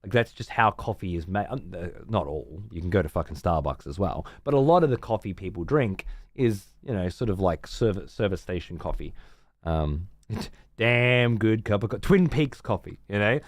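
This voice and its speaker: A man's voice: low-pitched, animated, normal speed, no room sound, clean studio sound. Laid-back, profane man. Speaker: game streamer. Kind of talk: casual stream chat.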